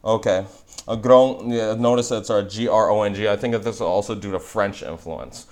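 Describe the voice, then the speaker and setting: A young man with a New England accent, hosting a casual language video where he reads aloud and explains as he goes, thinking out loud with many fillers and restarts. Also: fairly low pitch. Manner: thinking aloud, frequent fillers and restarts, slow careful spelling.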